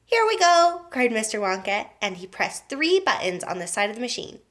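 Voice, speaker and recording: A woman teacher reading a children's book aloud to young students, in an expressive storytelling manner. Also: mid-range voice, a little fast.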